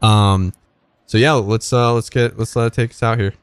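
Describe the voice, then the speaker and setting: Smooth-voiced man co-hosting radio. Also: fairly low pitch, fairly even intonation, moderate pace, no room sound. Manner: easygoing, hesitant with fillers, swears casually. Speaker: radio co-host. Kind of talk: casual radio banter.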